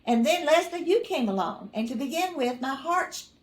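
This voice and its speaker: A woman's voice: high voice, lively intonation, moderate pace. Older woman telling family stories, roomy. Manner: rambling, self-correcting, dry humor with chuckles. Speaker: mother recalling family stories. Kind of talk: casual personal storytelling.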